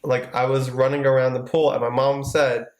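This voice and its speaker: Man, podcast co-host, animated storyteller, casual swearing, echoey room. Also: medium pitch, normal speed, slight background noise. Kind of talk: casual chat.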